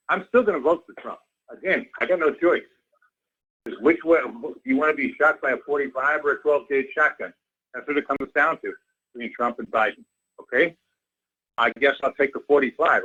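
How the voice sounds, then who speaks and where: A man phoning in to a talk radio show to rant bluntly about politics. His voice is husky and agitated. The line sounds dull and muffled, as phone calls do. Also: mid-range voice, fairly bright tone. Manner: blunt, agitated, repeats "all right?". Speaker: caller.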